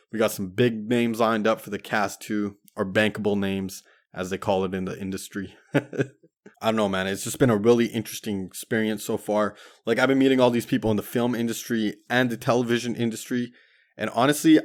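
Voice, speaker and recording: A man from Canada hosting a podcast, delivering a profane, rambling, self-mocking comedic monologue. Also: lowish voice. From Surrey, Canada. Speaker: podcast host.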